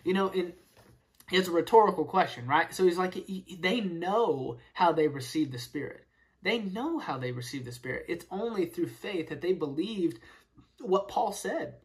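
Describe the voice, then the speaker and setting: A Bible teacher leads a casual Bible study, explaining verses through rhetorical questions and loading the talk with fillers like "right?" and "man." The voice is mid-range with lively intonation at a moderate pace.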